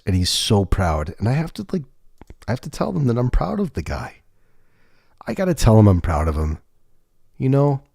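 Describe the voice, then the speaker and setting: A man with a fairly low voice talks through a casual livestream, rambling and candid, with the odd swear word. The sound is dry and close, with no room echo. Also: warm tone. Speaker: livestream host.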